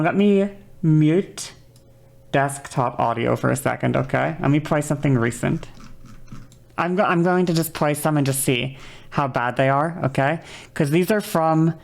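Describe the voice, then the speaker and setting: Woman, live streamer, casual chat, low voice, vocal fry, excitable, repeats herself.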